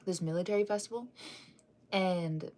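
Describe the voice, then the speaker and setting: A young woman with a somewhat low voice rambles through a casual fan news chat. She circles back on her points with many fillers and restarts. She sounds sleepy and keeps yawning and sighing between thoughts. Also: normal speed, dark tone, slight background noise.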